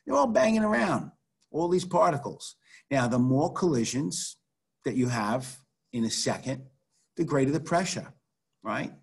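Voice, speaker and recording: Middle-aged male chemistry teacher, slightly husky tone, chatty storyteller delivery on a video call. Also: medium pitch, measured pace. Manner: storytelling, conversational and animated. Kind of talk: online class lecture.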